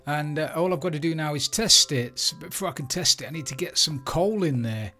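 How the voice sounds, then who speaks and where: A man's voice: a little high, brisk, sharp tone, soft background music. Chatty Englishman narrating his game build. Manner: chatty, thinks aloud while building. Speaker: Minecraft let's play creator. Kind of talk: casual gameplay commentary.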